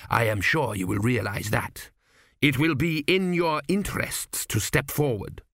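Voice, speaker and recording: Man doing a formal, unbending high priest. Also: measured pace, a bit bright, no echo, studio quality. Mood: stern.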